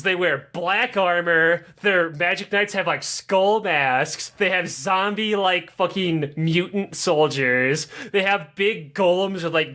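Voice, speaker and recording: A man co-hosting a podcast in casual chat, rambling through a profane, animated recap. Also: a little high. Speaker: podcast co-host.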